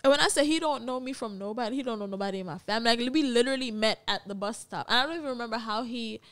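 A woman's voice: fairly high pitch, racing, clean tone. A young woman from Jamaica with a Jamaican accent, co-hosting a podcast in casual chat and acting out the people in her stories. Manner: animated storytelling, acts out quoted people. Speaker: podcast co-host.

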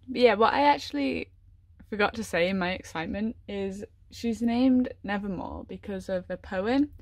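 A woman gushing excitedly through an unboxing vlog, gasping and giggling as she talks. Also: mid-range voice. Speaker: collector unboxing a model horse. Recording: voice a little far from the mic.

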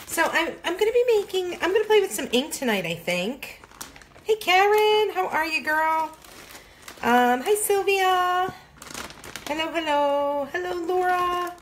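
A woman's voice: extremely high pitch, slight background noise. A woman hosting a crafting livestream, chatting casually and greeting viewers by name in a bubbly, talkative way.

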